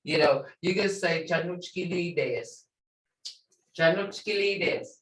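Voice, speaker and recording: An older woman teaching a language class in a relaxed, chatty way, repeating phrases slowly and laughing often. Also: on the low side. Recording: echoey room, mic set far off.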